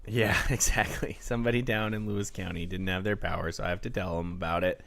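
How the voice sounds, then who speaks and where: A man's voice: low voice, steady tone, fast, gravelly, fairly bright tone. A man co-hosting a casual local sports podcast, reading score updates from a live chat in a laid-back way. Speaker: podcast co-host.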